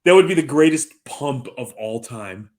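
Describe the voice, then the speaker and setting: This podcast co-host, a man in his thirties, has a medium-pitched, slightly mellow voice with lively intonation and normal speed. He chats casually, telling long rambling tales full of dry jokes and swearing.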